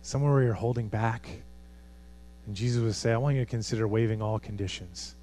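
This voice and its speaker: A man preaching a sermon as a pastor, earnest, moving from lively urgency to hushed, quiet appeals. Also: fairly low pitch, fairly quick, a little hiss or hum. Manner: earnest, swings from animated to hushed.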